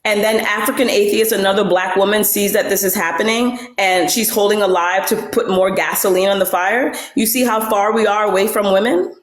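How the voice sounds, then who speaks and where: A woman's voice: mid-range voice, fairly even intonation, fairly quick, hardly any pauses, reverberant. A woman hosting a casual livestream chat, blunt and swearing freely, rambling with restarts. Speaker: livestream host.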